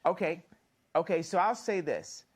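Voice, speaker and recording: A man's voice: a little high, normal speed, slightly rough. A man as a guest in a heated TV interview, talking confrontationally, repeating and mocking.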